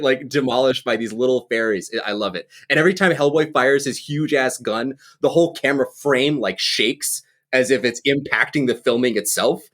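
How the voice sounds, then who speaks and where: Chatty man gushing about a film. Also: medium pitch. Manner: animated, laughs often, acts out scenes. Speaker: podcast co-host. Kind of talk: casual movie chat.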